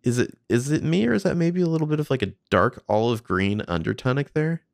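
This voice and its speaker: A man's voice: medium pitch, animated, fairly quick, gravelly, no room sound, studio quality. A man casually commenting on behind-the-scenes footage, swearing freely and thinking aloud.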